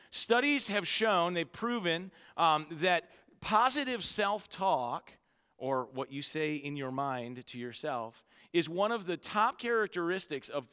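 A man preaching a sermon to his church, with energetic storytelling and self-mocking humor. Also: a little high, clean tone, in a large hall. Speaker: pastor. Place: church auditorium.

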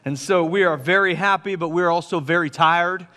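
A man's voice: high-pitched, moderate pace, sharp tone. A man, a lead pastor chatting and joking with his congregation before a sermon. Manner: chatty, joking, self-deprecating. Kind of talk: casual sermon announcements. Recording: long hall reverb.

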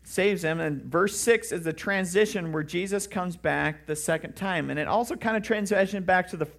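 Male pastor, mid-high voice, earnest conversational sermon delivery, emphatic questions. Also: normal speed, creaky, fairly bright tone.

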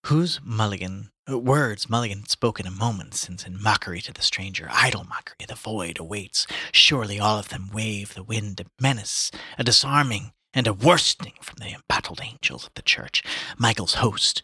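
A man's voice: fairly low pitch, normal speed, sharp tone, husky, no echo, clean studio sound. A man casually reading a novel aloud to friends, sometimes stumbling over hard words and correcting himself. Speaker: reader.

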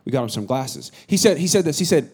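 A middle-aged man from the Bay Area preaching a sermon as pastor, animated and joking with his congregation. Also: a little high, quick pace, breathy edge. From San Francisco Bay Area. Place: church hall with a congregation.

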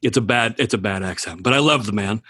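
A man's voice: lowish voice, quick pace, fairly bright tone, slightly rough, no echo, studio quality. A man on a casual podcast chat, blunt and opinionated, swearing casually.

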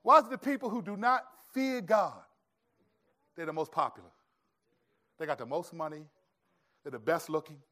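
A pastor preaching a sermon in an animated, conversational storytelling way. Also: male voice, a little high, moderate pace, long pauses.

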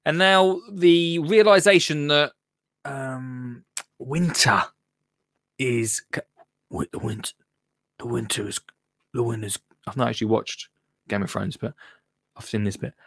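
A man's voice: medium pitch, measured pace, gravelly, pauses often, fairly bright tone, no room sound. A British man hosting a live gardening show from his home studio, chatting casually and poking fun at himself. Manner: chatty, self-mocking, restarts a lot. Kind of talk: casual live-stream chat.

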